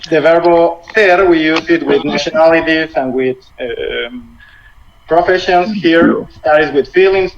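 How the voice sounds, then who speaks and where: Latin American man teaching over a video call. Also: fairly high pitch. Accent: Latin American Spanish. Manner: patient, explains grammar slowly in simple English with small slips. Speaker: Spanish teacher. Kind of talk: online language lesson. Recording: muffled video-call audio with faint noise.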